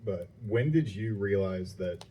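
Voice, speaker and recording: Deep-voiced reporter asking from afar. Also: male voice, expressive, a little slow, mellow, slight background noise. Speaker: sports reporter. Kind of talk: press conference question. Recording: reporter far from the mic.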